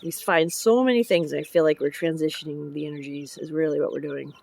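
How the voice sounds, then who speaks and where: A woman's voice: deep voice, brisk, vocal fry, a little mellow. A woman vlogging in a casual rambling way, hopping between topics and chatting about her chickens and her job driving dump trucks. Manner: chatty, jumps between topics, laughs often. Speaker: vlogger and public works truck driver. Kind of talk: casual rambling vlog chat.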